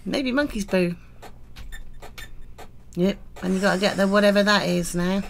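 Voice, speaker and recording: A woman's voice: medium pitch, normal speed, creaky, a little hiss or hum. A woman from Wiltshire, the host's sister, chatting as a guest in an amused, self-mocking way. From Wiltshire, England. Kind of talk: casual chat.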